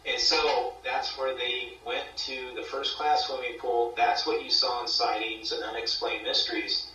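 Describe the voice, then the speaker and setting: A man guest on a paranormal talk show, casually retelling an investigation in a rambling, animated way and acting out quoted voices. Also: mid-range voice, a little slow, roomy sound, distant mic, soft background music, low-quality recording. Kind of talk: casual interview storytelling.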